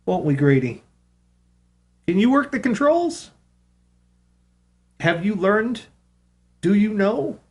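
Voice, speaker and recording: A man's voice: high voice, sing-song, slow pace, pauses often, breathy edge. A man hosting a live radio show, chatting casually and now and then cooing to his cat. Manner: chatty, talks to his cat in a soft baby voice.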